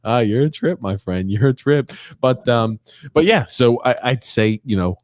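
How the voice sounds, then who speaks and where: A man hosting a sports podcast, laid-back and quick to laugh in casual chat. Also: medium pitch, expressive, darkish tone, no echo, clean studio sound. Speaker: podcast host.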